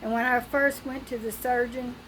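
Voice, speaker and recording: An older woman talking through a personal video diary, frightened and halting, with pauses and restarts. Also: fairly high pitch, steady tone, a bit bright, a little hiss or hum, poor audio. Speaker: vlogger.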